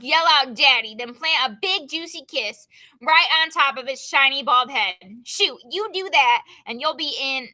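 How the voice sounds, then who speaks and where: A joking male jazz musician with a playful, slangy drawl, as a woman reads him aloud. The voice sits high and rings bright and forceful, heard over a video call. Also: exaggerated voice.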